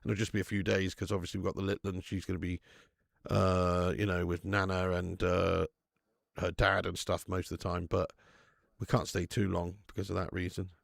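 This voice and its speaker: A man with a gravelly, low-sitting, monotone voice hosts a live football watch-along, bantering with chat, greeting people by name and slipping into quick match commentary. He laughs a lot and keeps things loose and chatty. The audio is dry and close to the mic, with no echo.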